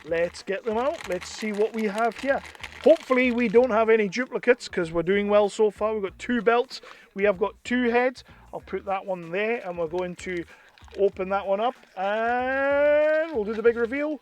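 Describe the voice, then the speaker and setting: An English man chatting casually and excitedly as he unboxes and reviews toys. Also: high voice, moderate pace. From England. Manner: chatty and enthusiastic, with bursts of excitement. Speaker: toy reviewer.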